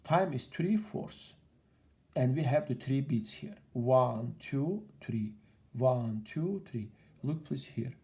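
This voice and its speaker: Slow, patient piano teacher in an echoey room. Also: male voice, a little high, dark tone. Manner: patient, repetitive explaining with counting aloud. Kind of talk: piano lesson. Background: piano playing.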